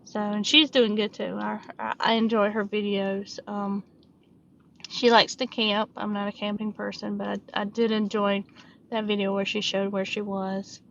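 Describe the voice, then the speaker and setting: A middle-aged Southern woman from upstate South Carolina rambles on in a casual vlog, full of ums and restarts. Her voice sits at an ordinary pitch and is picked up by a mic set some way off. The recording is dull and lo-fi, with clear noise underneath. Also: flat delivery, normal speed, a bit bright. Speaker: diamond painting vlogger. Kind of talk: casual chat while crafting. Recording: distant mic, muffled lo-fi sound, background noise.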